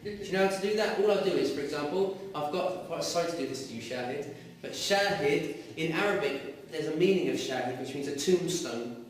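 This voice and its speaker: A man teaching a lively class, asking students questions as he goes. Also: a little high, brisk, few pauses. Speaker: Arabic teacher. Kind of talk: classroom lecture. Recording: echoey room, mic far off.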